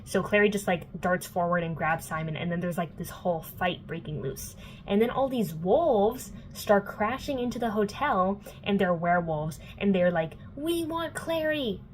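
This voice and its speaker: A woman's voice: on the low side, normal speed, a little hiss or hum, rough recording. A young adult woman recapping a book in casual vlog chat. She fills her talk with "like" and swears freely. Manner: chatty, peppered with "like" and swearing. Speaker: book vlogger.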